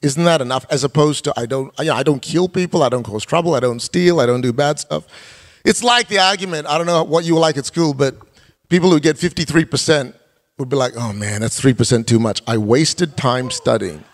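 A man's voice: a little high, a little fast. A middle-aged male pastor preaching a sermon, firing rhetorical questions with emphatic delivery. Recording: long hall reverb.

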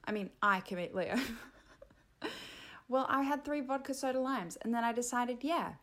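An Australian woman hosting a comedy podcast on her own, rambling playfully and mocking herself. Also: medium pitch. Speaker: podcast host. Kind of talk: solo comedy podcast chat.

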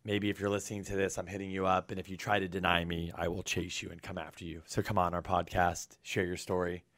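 A man co-hosting a podcast in casual chat, talking with an energetic, hyped-up delivery. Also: sits low, fast, no room sound, clean studio sound. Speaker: podcast co-host.

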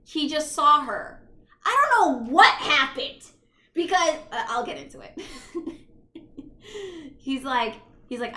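A young woman with a high, bright voice chats casually on a podcast, retelling a movie with lots of animation and plenty of swearing. Her voice carries an echo from the room around her. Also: slow pace. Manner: animated, swears freely, acts out characters. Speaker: podcast co-host.

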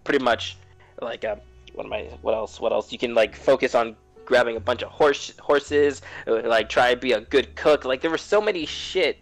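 A man's voice: medium pitch, normal speed, creaky, faint music behind. A man co-hosting a casual gaming podcast over a voice call, rambling through his thoughts with lots of fillers and swearing. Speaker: podcast co-host.

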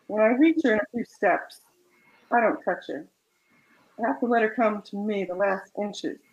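A woman author reads her own romance fiction aloud in a soft, measured way, then chats about the story. Her voice is mid-range, and the highs are cut off.

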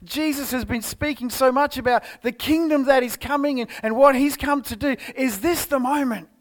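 Expressive Australian preacher man. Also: extremely high pitch, normal speed. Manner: expressive storytelling, swinging from loud exclamations to hushed tones. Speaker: pastor. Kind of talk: sermon. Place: church service.

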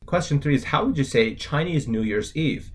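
A man's voice: on the high side, lively intonation, normal speed. A man co-hosting a scripted language lesson, spelling out words letter by letter with their tones in a casual, upbeat way.

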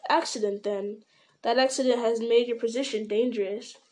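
A woman voicing a grim, watchful male ranger in an audiobook, speaking in a measured, sometimes sharp way. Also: fairly high pitch, fairly even intonation, lightly acted. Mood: wry. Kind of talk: audiobook character reading.

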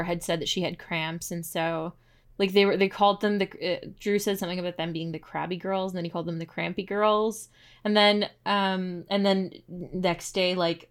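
Rambling woman podcast co-host. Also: fairly low pitch. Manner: rambling, lots of "like" fillers. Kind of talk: casual recap chat.

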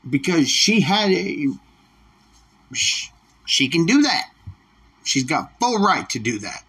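A man's voice: fairly high pitch, very animated, slow, pushed and bright, slightly rough. A man hosting a solo podcast, ranting bluntly with heavy swearing. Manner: profane, blunt, defiant. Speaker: podcast host. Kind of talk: solo opinion rant.

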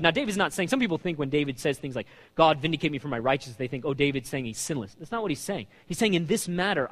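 A man preaching a sermon, reading scripture aloud with passion and slowing down for emphasis. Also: a bit bright. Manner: impassioned, reads scripture aloud with rising pitch and slowed emphasis. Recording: hall reverb.

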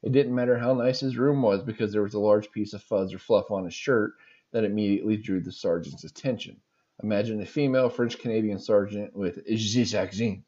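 Low mellow man reading stories. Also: fairly quick, breathy edge, highs cut off. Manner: amused, laughs and reacts between stories. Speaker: podcast host reading listener stories. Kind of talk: reading stories aloud with reactions.

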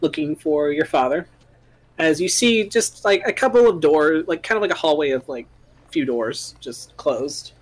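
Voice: medium pitch, moderate pace, breathy edge. A game master narrating a tabletop game, describing scenes in a loose, filler-heavy ramble.

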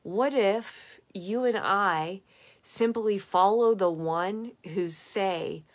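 A young adult woman giving an earnest, emphatic devotional reflection that speeds up and slows down. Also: medium pitch. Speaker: devotional podcaster.

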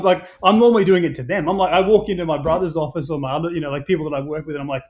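An energetic man tells stories in a relaxed podcast chat. His voice sits a little high, and he swears freely and trips over restarts as the ideas pour out. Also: very fast, hardly any pauses.

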